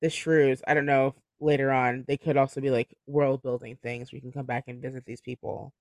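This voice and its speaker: A man's voice: mid-range voice, flat delivery, brisk, no echo, clean studio sound. A man hosting a book club podcast, chatting casually, laughing often and filling his speech with "like". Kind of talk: casual chat.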